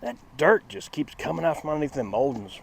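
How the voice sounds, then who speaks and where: A man hosting a casual car-restoration vlog outdoors. He talks in a chatty, folksy way and swings between a high, excited voice and a flat one. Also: a little fast, vocal fry. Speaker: channel host.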